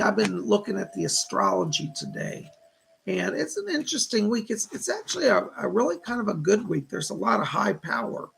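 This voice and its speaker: A man's voice: high voice, creaky, fairly bright tone, slight background noise. A man hosting a casual livestream as a psychic, chatting to viewers and greeting names from the chat.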